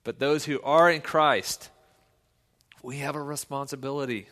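A man, a pastor, preaching a sermon in a conversational storytelling way that swings to loud, emphatic points. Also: mid-range voice, fairly even intonation, unhurried, in a large hall.

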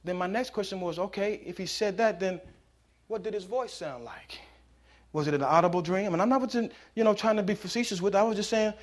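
A pastor delivers a sermon in a notably high voice, talking it through like a story with plenty of "you know" asides. He often swells into loud, repeated, punchy lines to drive his point home. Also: brisk. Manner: conversational preaching, rising to loud emphatic passages.

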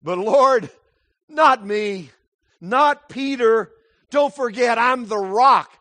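A male preacher voicing a brash, overconfident apostle who protests loudly and arrogantly. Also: high-pitched, sing-song, normal speed, no room sound. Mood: boastful. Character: brash boastful apostle, grown man, overconfident.

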